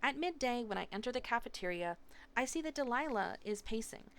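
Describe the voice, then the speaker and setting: A woman reading a novel aloud live in steady, expressive narration. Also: fairly high pitch, a little fast, smooth. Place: home streaming setup.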